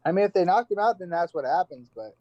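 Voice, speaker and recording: A man's voice: sits high, animated, fast, a little mellow, no room sound, highs cut off. A young man co-hosting a casual sports chat, blunt and opinionated, casually swearing. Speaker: podcast co-host.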